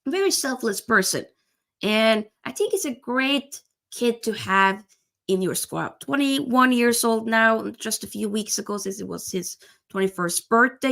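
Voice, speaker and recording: A young woman hosting a casual live football stream, chatty and animated, greeting viewers by name. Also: on the high side, gravelly.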